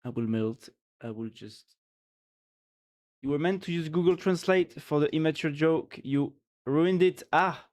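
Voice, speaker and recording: A French-accented streamer, native in French, winding down a live stream well past midnight. The talk is unhurried and playful, with some giggles, and sounds tired. The voice sits at a middling pitch. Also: darkish tone. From France. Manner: playful, giggly, chatting with viewers. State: tired, late at night. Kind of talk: casual late-night live-stream chat.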